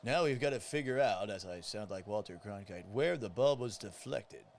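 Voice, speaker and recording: A man putting on the voice of a gentlemanly grandfather, a serious and measured newsman calling the game. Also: lowish voice, expressive, a little hiss or hum. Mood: mock-serious. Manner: slow, measured, formal.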